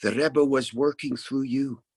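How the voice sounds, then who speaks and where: Slow, husky male storyteller. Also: mid-range voice, fairly even intonation, a little mellow, no echo. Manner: unhurried, reenacts dialogue, drops to near whisper at tender moments. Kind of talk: spoken storytelling.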